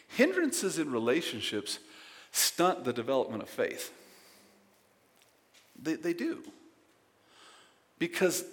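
A man preaching a sermon as pastor, emphatic and conversational, swinging between loud bursts and quiet asides and often repeating words. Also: on the high side, long reverb tail.

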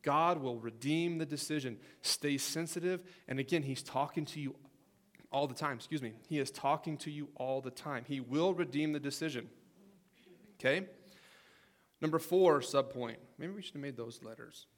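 A man's voice: on the high side, normal speed. A man preaching a casual sermon in a chatty way, often checking in with the audience. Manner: conversational, asks okay and right often.

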